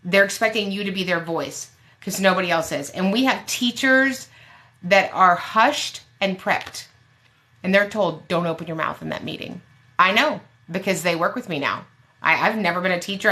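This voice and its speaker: A woman's voice: fairly low pitch, lively intonation, moderate pace, sharp tone. A woman special education advocate giving blunt, emphatic advice with sassy asides on a live question-and-answer show.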